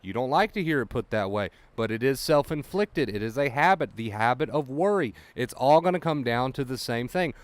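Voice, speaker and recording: A man's voice: mid-range voice, expressive, brisk, few pauses, no room sound. A man coaching anxious listeners in a blunt, profane monologue. He drives home each point by repeating it. His voice sits in an ordinary middle range, recorded dry and close. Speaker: anxiety recovery coach.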